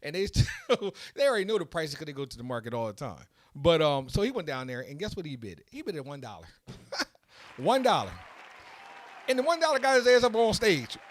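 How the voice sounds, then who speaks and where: A man hosting a casual podcast, telling a story in an excitable, animated way that builds to loud peaks. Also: on the high side, a little fast, no room sound, a faint crowd. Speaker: podcast host.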